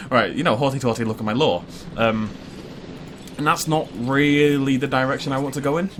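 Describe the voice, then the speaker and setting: Young guy from wales chatting over a game, jokey and rambly, mid pitched, faint hiss behind. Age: young adult. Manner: rambling and jokey, laughs often. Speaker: gaming video host. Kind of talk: casual let's-play commentary.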